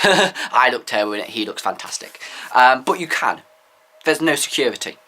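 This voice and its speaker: A man's voice: fairly low pitch, pushed and bright. A man giving candid, opinionated views in a rambling casual vlog. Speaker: vlogger.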